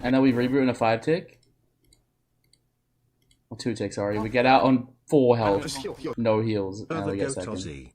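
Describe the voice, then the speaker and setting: A man's voice: lowish voice, moderate pace, pauses often, darkish tone. A young man, a pro gamer guest, chatting on a call in a laid-back, rambling way. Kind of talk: casual chat on a call.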